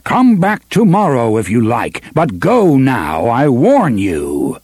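A man voicing a pompous fake wizard who booms slow, loud threats through pipes. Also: huge pitch swings, breathy edge, no echo, heavily acted. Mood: blustering.

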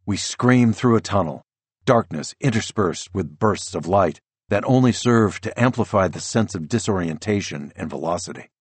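A man narrating a first-person novel as an audiobook, measured and descriptive. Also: fairly low pitch, lively intonation, slightly rough, no echo.

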